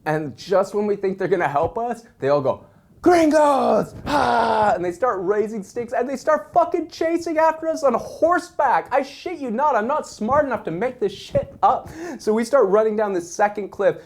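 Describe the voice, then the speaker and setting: A young man telling a wild story in a casual, animated way, swearing constantly. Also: high-pitched, normal speed, hardly any pauses.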